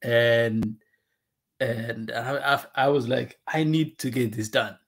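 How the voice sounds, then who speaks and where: A man's voice: medium pitch, steady tone, slow, fairly bright tone. A man calling in as a guest on a video call, rambling with many fillers as he explains his project. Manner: rambling, many fillers, laughs between points. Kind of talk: casual conversation over video call.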